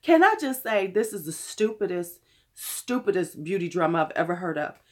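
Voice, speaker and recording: Hoarse woman in her fifties, blunt casual beauty vlogger. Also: on the low side, sing-song, normal speed. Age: 50s. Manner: blunt, cursing, chatty. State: hoarse from illness. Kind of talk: casual chat to camera.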